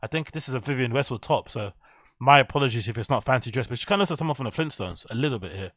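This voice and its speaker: A man's voice: mid-range voice, animated, rapid-fire, a bit bright, no room sound, clean studio sound. A man hosting a podcast, giving blunt, rambling, sweary commentary in a casual chat. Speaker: podcast host.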